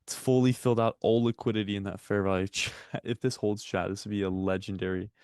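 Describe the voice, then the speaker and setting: A man with a low, gravelly voice co-hosts a live trading stream, joking and chatting straight to his viewers. His voice is recorded close on a desk mic, with a dry sound and almost no room in it. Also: steady tone, fast, a little mellow, no room sound. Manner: chatty, joking, addresses chat often. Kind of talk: casual live-stream commentary.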